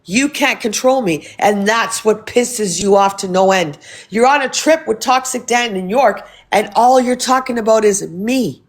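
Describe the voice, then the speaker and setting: Heated woman ranting on a livestream. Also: high-pitched. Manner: heated, profane, confrontational. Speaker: livestream host. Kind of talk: casual livestream rant.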